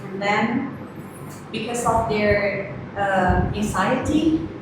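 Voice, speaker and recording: Woman teacher answering in class, slow and halting, echoey noisy room. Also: medium pitch, animated. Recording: echoey room with background noise.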